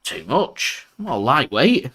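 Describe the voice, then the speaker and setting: Chatty football fan streamer. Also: male voice, mid-range voice, very animated, takes it slowly, bright, forceful tone, a little hiss or hum. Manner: chatty, rambling, reacts to play as it happens. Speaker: football fan channel host. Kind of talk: live match watchalong commentary.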